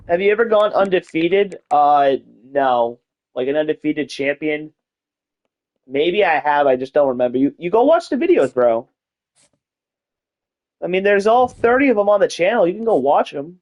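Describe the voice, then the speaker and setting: A gaming streamer with a fairly high voice gives casual commentary on a live game, reading rosters and stats in a loose, tired drawl and yawning along the way. Then he bursts into hyped announcer calls and cheerful swearing, with lively intonation at a moderate pace.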